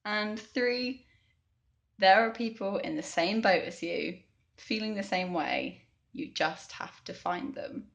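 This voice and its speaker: A young woman chatting candidly in a video diary about her weeks abroad, laughing now and then and using lots of "like" and "um". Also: mid-range voice. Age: young adult. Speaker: vlogger, language assistant abroad.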